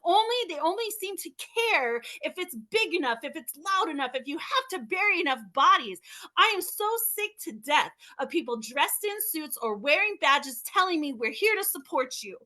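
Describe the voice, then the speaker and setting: A woman's voice: sits high, lively intonation, moderate pace, bright, forceful tone. A mother hosting a podcast over a video call, speaking with emotional outrage and firing off rhetorical questions. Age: young adult to middle-aged, a mother. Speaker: podcast host. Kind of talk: impassioned talk on a video call.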